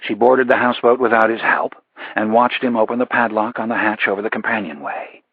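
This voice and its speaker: A man narrating a thriller audiobook in a measured, even delivery. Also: on the low side, slightly rough, no echo, lo-fi sound. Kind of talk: scripted narration.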